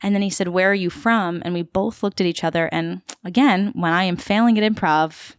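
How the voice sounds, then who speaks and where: A woman tells a lively story as a podcast guest. Her voice sits a little low, and her talk runs chatty and full of fillers. The recording is close and dry. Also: a little fast, smooth, no echo. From Queens, New York City. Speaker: podcast guest, actor and tour guide. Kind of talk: casual storytelling interview.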